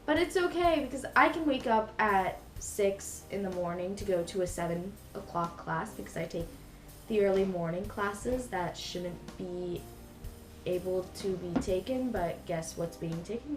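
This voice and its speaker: A woman's voice: medium pitch, normal speed. A young woman vlogger telling a story in a casual, rambling way, full of fillers and self-corrections. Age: young adult. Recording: echoey room with faint music behind.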